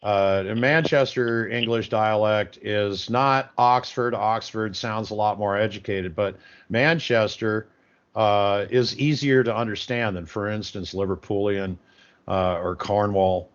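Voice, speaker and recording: A man co-hosting a casual call-in show, rambling with many pauses and fillers. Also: fairly low pitch, steady tone, clean tone, muffled recording. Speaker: co-host.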